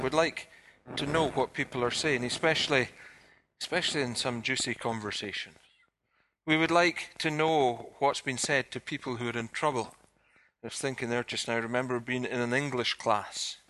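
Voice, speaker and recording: A man preaching to his congregation, with a bright, forceful tone at an ordinary middle pitch. He keeps turning to the listeners with direct, searching questions. This is a sermon from a church service. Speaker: pastor.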